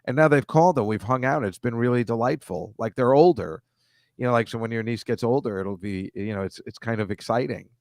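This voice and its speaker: A man chatting on a podcast, telling stories with quick asides and jokes. His voice sits at a middle pitch. The sound is dry and close. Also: dry recording. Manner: animated storyteller, mocking voices and quick asides. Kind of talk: casual podcast chat.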